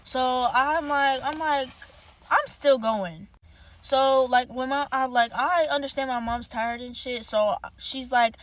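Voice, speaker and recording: A woman's voice: high-pitched, slow pace. A young woman telling a storytime monologue, heated, profane and rambling.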